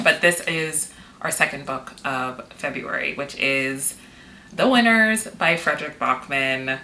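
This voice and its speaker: Woman in her thirties, low bright voice, chatty and candid, camera mic in an echoey room. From Seattle. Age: 30s. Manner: chatty, candid, swears and laughs easily. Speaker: vlogger. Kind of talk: casual vlog chat. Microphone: camera mic, external mic not used. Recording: echoey room with faint noise.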